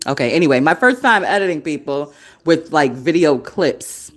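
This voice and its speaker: Recording a casual solo podcast on her desktop computer, a café founder in her forties rambles with heavy cursing and lots of laughter. Her voice sits low, animated, and moves at a moderate pace.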